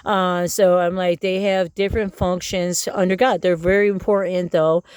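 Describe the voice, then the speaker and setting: A middle-aged woman rambles through an angry, profane monologue, stumbling over fillers and restarts. Her voice is smooth and clean, recorded close and dry with no room sound. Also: lowish voice, level tone, moderate pace, a little mellow, no room sound. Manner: profane, ranting, many fillers. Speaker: vlogger.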